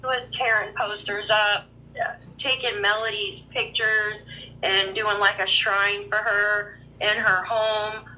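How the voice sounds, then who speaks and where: A woman's voice: medium pitch, level tone, takes it slowly, background noise. A woman hosting a true-crime livestream in a casual, chatty way, greeting viewers by name and reading news articles aloud with her own comments.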